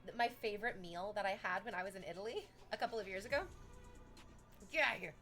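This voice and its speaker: A young Canadian woman chatting casually on a livestream, telling stories in an animated way and swearing often. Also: medium pitch, fast, faint music behind. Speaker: streamer chatting with chat.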